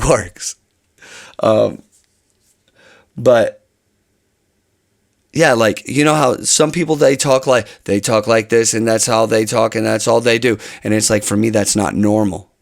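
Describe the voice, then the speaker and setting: Man, gravelly voice, casual vlog talk, rambling, dry close sound. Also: fairly low pitch, no room sound. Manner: rambling, restarts phrases often. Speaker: channel host.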